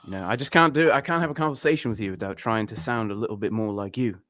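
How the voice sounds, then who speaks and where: A man's voice: fairly low pitch, very fast, fairly bright tone, dry recording, studio quality. An American man as a guest trader on a live stream, laid-back and slangy, calling people bro and man. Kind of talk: casual live-stream chat.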